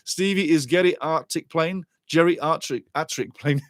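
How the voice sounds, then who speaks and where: An older man from Wales hosting a football watchalong stream, chatting casually, joking and reading out viewer comments, now and then breaking into excited shouting. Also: a little high, normal speed, dry recording, studio quality. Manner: excitable, jokey, bursts into shouting.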